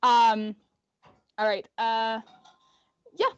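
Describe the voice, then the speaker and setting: A woman game master leads an online tabletop session, her voice sitting fairly high. She talks hesitantly, filling pauses with ums. The call audio is dry and slightly dull. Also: flat delivery, clean tone, no echo.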